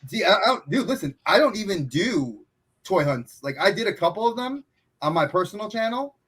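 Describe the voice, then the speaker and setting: A man from New York with a New York accent, hosting a casual podcast chat as a gregarious, animated storyteller. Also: high-pitched, fairly quick, husky. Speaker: podcast host.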